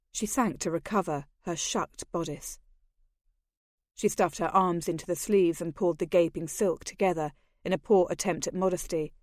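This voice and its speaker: A woman's voice: on the low side, darkish tone, no room sound, studio quality. Woman narrating a romance audiobook. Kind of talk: scripted narration.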